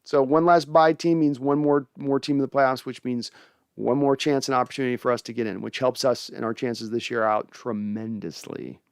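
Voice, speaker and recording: A man's voice: mid-range voice, fairly even intonation, moderate pace, creaky, clear, resonant tone, no echo, clean studio sound. A young man hosting a casual sports fan show, reading viewer comments and giving opinionated takes with frequent restarts.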